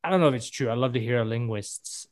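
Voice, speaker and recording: A man's voice: medium pitch, fast, a little mellow, no echo. A man from the American South chatting casually on a podcast, rambling and correcting himself as he speculates.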